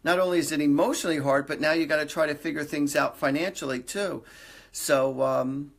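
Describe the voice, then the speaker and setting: A middle-aged psychic host reads live for viewers in a fairly high, brisk voice with vocal fry and fairly even intonation. His tone is earnest and reassuring, with frequent repetition and light humor.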